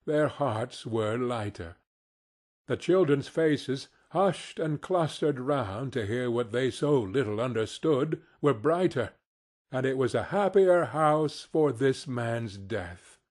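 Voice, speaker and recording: Slow, husky male audiobook narrator. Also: mid-range voice, a little mellow. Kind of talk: audiobook reading.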